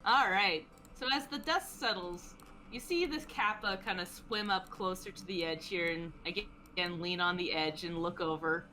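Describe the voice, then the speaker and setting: A woman game master narrating a tabletop game in a relaxed, giggly way with lots of fillers. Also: lowish voice, moderate pace, slight background noise.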